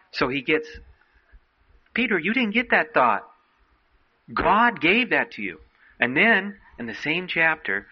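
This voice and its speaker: A man's voice: medium pitch, muffled recording. A man preaching a sermon to young people, earnestly exhorting and quoting old-fashioned scripture. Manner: earnest exhorting, quotes King James scripture.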